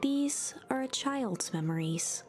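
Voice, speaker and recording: A woman whispering the lines of a cold, disdainful doppelganger boy in whispered role-play, over soft music. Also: high-pitched, animated, slow pace, pitched above the performer's own voice. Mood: scornful. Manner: hushed and scornful. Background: background music.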